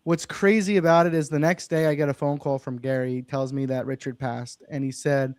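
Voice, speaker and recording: A man's voice: mid-range voice, steady tone, fairly quick, darkish tone, dry recording. A young man, a real estate investor, earnestly telling a personal story as a podcast guest. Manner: earnest, emphatic, swears it's true. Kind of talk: casual interview storytelling.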